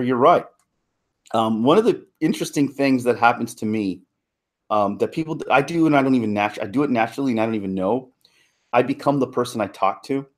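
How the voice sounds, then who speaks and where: A man talking casually on a live stream, rambling and halting, with many fillers and restarts, laughing now and then between thoughts. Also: mid-range voice. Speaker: YouTuber and impressionist.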